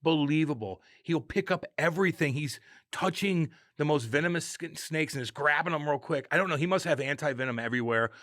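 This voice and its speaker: A man's voice: a little high, fairly quick, a bit bright, dry recording, clean studio sound. A man co-hosting a podcast, joking bluntly and swearing freely in casual banter. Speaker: podcast co-host. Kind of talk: casual chat.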